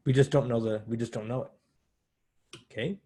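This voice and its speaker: Mellow, husky-voiced male math lecturer. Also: mid-range voice, fairly even intonation, brisk. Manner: conversational, self-correcting, explains step by step. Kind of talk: university lecture.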